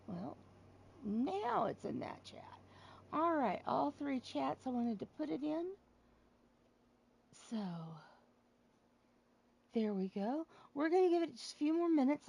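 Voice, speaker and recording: Gravelly woman chatting on a stream. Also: high-pitched, expressive, takes it slowly, long pauses, warm tone. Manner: chatty, rambling, laughs at her own jokes. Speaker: wrestling show host. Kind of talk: casual chat to a live stream audience.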